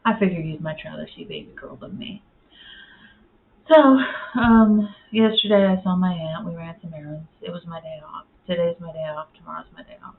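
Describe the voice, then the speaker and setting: Gravelly-voiced woman with tinny audio. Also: fairly low pitch, normal speed. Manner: rambling, lots of fillers; coos at her cats in baby talk. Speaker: vlogger. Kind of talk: casual chat. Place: home, at her computer. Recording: tinny phone-like audio with faint noise.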